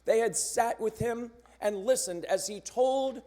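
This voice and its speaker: A man narrating a church cantata in a measured, solemn storytelling manner, posing rhetorical questions as he goes. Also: very high voice, dark tone. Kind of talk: scripted dramatic narration. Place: church sanctuary during a choir performance.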